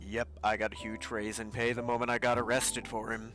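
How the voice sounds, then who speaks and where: A man's voice: medium pitch, flat delivery, fairly quick, over music. A man playing a character in a livestreamed tabletop role-play, with a dry, wisecracking way of talking. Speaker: tabletop game player.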